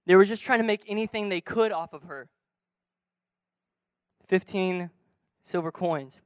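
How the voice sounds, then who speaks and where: A man preaching a sermon from a church stage, retelling a story and acting out its dialogue, moving between soft and loud. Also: high voice, measured pace, smooth, no echo.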